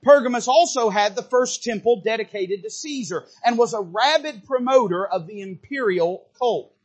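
High-voiced preaching man, slow and deliberate. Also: expressive, slightly rough. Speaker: pastor. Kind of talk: sermon.

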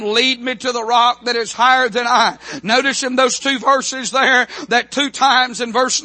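High-pitched fervent preacher man. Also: pushed and bright, no echo. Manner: fervent preaching with frequent amens, drawn-out scripture quotes. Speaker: pastor. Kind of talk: revival sermon. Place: church pulpit.

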